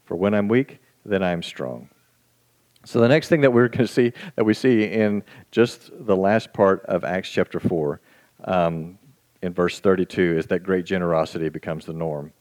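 A male pastor preaching a sermon in a fairly low voice. He talks in a folksy, self-deprecating way and slows down for scripture. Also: a little mellow. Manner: slow, deliberate scripture reading.

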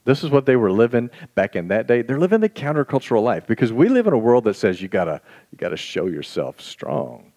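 A man preaching a sermon in a conversational, folksy and self-deprecating way, reading scripture slowly and deliberately. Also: mid-range voice, big pitch swings, dark tone. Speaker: pastor.

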